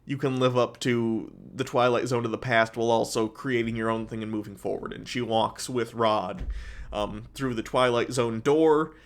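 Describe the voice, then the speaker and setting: Guy casually reviewing a tv show, lots of ums and restarts, mid-pitched everyday voice. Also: fairly even intonation, normal speed. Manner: chatty, filler-heavy, self-correcting.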